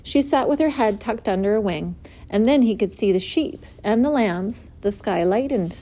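A woman reading a children's book aloud, expressive and clear. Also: mid-range voice, normal speed. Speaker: storyteller.

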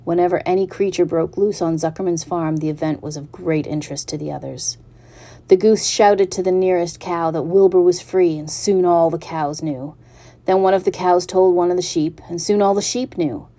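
A woman with a fairly low voice reads a children's storybook aloud, narrating evenly and without hurry.

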